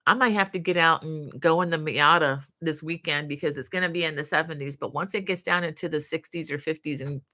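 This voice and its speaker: A woman's voice: deep voice, a little fast, few pauses, pushed and bright. A woman in her fifties from the United States, a crochet channel host chatting casually on a live stream, reading viewer comments aloud with many fillers.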